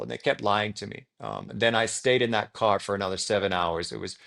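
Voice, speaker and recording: A man's voice: fairly low pitch, fairly even intonation, fairly quick, gravelly, hardly any pauses, a bit bright. A young Australian man, a podcast guest, telling his story in a loose, rambling way full of likes and ums. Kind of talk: casual storytelling in an interview.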